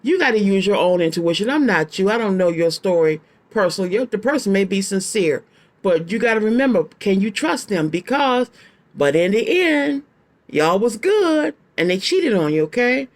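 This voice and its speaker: A woman in her late fifties talks straight to her viewers as she reads tarot cards. She speaks bluntly and chattily and circles back to her key phrases, with slangy, down-home wording and a pitch in the middle range for a woman. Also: lively intonation, brisk. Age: 50s. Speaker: tarot card reader. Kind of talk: casual tarot reading to viewers.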